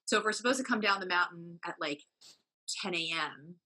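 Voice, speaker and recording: A woman's voice: fairly low pitch, expressive, fairly quick, sharp tone, slightly rough. A woman telling personal family stories as a podcast guest, earnest and open, with many fillers and self-corrections. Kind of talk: candid personal storytelling.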